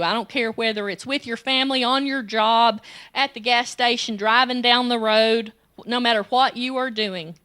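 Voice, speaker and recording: A woman, delivering a sermon at a women's conference, telling personal stories and acting out the voices in them. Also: sharp tone. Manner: storytelling, acts out quoted child and self in high pitch. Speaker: women's ministry director, conference speaker.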